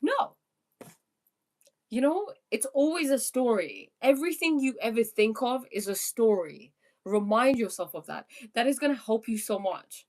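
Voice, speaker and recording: A woman's voice: fairly high pitch, animated, normal speed. A young woman working as a life coach, reading viewer questions aloud and answering them earnestly on a live stream. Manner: spiritual, earnest, prone to laughing.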